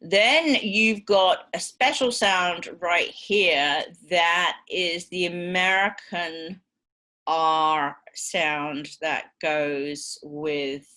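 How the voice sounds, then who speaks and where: British woman, university lecturer, deep voice, unhurried, patient. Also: bright, forceful tone. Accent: British English. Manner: explains patiently, with frequent ums and okays.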